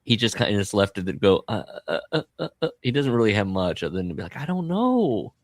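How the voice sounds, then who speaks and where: A man with a lowish voice talks through a film's plot in a loose, conversational way. His pitch swings widely as he acts out the characters' lines. The sound is dry and close. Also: fast, no room sound. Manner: animated retelling, acting out characters' lines. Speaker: podcast host. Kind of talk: casual film discussion.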